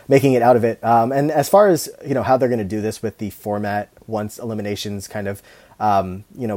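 A man co-hosting a podcast, chatting casually about a reality show with lots of fillers and restarts. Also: on the low side. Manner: relaxed, rambling with many fillers. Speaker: podcast co-host.

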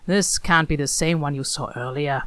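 A woman's voice: deep voice, normal speed, no echo, voice pushed down, close to an everyday voice. A woman reading the lines of an exasperated adult male mage in a story reading, calling out urgently. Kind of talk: read-aloud dialogue.

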